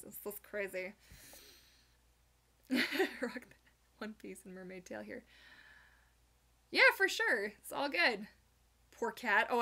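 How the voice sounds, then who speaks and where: A young woman hosting a live Q&A, chatting casually and reading viewer comments aloud with animated, giggly asides. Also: fairly high pitch. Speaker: livestream host answering viewer questions.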